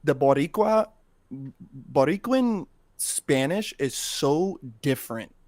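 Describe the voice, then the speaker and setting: A young man hosting a podcast, chatting casually in a relaxed, slangy way with laughs. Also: on the high side, slow pace, no echo. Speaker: podcast host.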